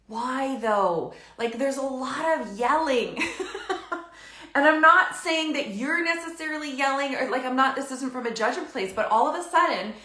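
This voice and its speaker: A chatty woman in her thirties coaching parents in a loose, animated way, full of fillers and little laughs. Her voice is bright and a touch high, and it rings in an echoey room. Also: moderate pace. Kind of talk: casual advice talk to camera.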